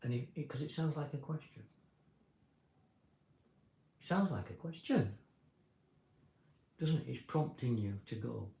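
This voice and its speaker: A man's voice: medium pitch, lively intonation, unhurried, creaky, long pauses, mellow, reverberant. A man vlogger talking casually to a livestream in a rambling, explanatory way, often restarting his sentences. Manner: rambling, self-correcting, explanatory.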